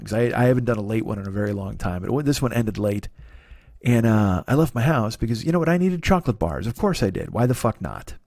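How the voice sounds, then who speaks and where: A man's voice: mid-range voice, darkish tone, no room sound. A man talks alone into a close mic in a comedy podcast monologue. He rambles, curses freely and mocks himself, and the sound is dry with no room around it. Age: 40s. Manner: profane, self-deprecating, rambling. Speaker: podcast host.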